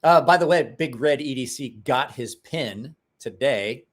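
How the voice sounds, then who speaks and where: A tired, profane man in his forties from Ohio, USA, hosts a casual late-night livestream, chatting and telling rambling, folksy stories in which he acts out quotes. His voice is medium-pitched and unhurried.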